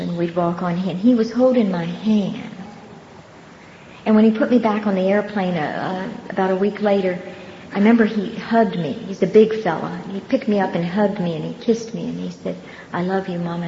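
An older woman speaks in a low, mellow voice, giving personal testimony at a recovery meeting. She tells her story earnestly and without hurry, pausing and laughing softly. The recording is dull and roomy, with a long hall reverb. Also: creaky, slight background noise. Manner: earnest, unhurried storytelling with pauses and soft laughs.

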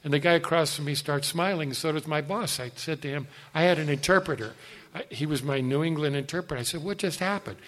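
An older man giving a personal storytelling talk about his faith, animated and self-deprecating, with frequent asides to the audience. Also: fairly high pitch, fast. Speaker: speaker sharing his testimony.

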